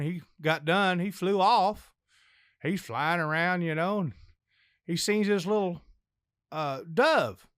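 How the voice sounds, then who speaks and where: Older man, folksy rambling joke teller, high voice for a man, dry close sound. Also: fairly bright tone, smooth, no room sound. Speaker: podcast guest.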